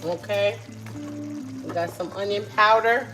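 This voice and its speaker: A middle-aged woman hosts a live cooking stream from her home kitchen. She chats easily with her viewers between steps, in a slow, relaxed delivery. Music plays clearly in the background. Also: medium pitch, low-quality recording. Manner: chatty, talks to viewers while cooking. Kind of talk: casual live cooking chat.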